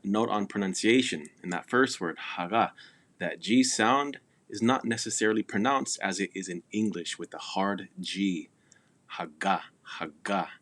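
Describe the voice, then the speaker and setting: A man teaching a recorded language lesson, patiently repeating words slowly for pronunciation drills. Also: on the low side, a bit bright.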